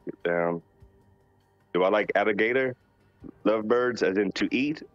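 Deep-voiced laid-back man, dull lo-fi audio. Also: normal speed, dry recording. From North Carolina. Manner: laid-back, joking, reads questions aloud. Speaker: voice actor answering fan questions. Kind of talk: casual live Q&A. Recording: dull lo-fi sound with faint music behind. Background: faint music.

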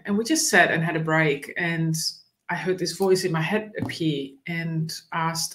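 Woman guest telling a relaxed story. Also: lowish voice, measured pace. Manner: relaxed storytelling with "you know" fillers. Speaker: animal communicator guest. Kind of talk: casual interview storytelling.

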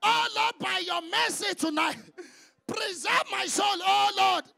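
A man leading a congregation in fervent, shouted prayer. He chants repeated calls to the Lord and drops to quieter exhortation between prayers. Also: very high-pitched, unhurried, gravelly. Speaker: prayer leader.

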